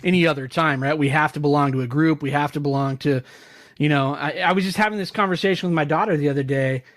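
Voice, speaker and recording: A man's voice: on the high side, fast talker. A man in his forties hosting a podcast, talking in a thoughtful, reflective way. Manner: thoughtful, searching phrasing. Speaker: podcast host. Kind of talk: reflective conversation.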